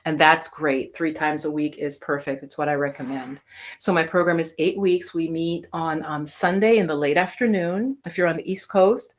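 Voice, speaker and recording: A woman meditation teacher hosts a casual live-stream Q&A. Her voice sits a little low, and she rambles through homely examples while answering the chat. Now and then she slips down to a near-whisper. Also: normal speed. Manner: chatty, explains with homely analogies, talks to the chat.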